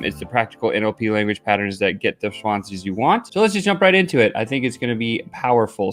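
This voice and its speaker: A mid-range male voice hosts an upbeat sales coaching vlog, energetic and chatty, with lots of filler words.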